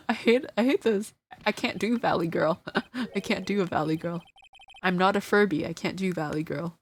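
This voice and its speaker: A woman's voice: fairly low pitch, moderate pace, husky, faint music behind. A woman commenting playfully and wryly while streaming a courtroom game. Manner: playful, wry, laughing.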